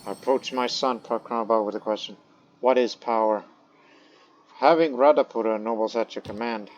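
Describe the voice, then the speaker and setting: A man's voice: medium pitch, moderate pace, slight background noise, low-quality recording. A man giving casual gameplay commentary, thinking aloud, muttering to himself and reading game text aloud. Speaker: let's play commentator.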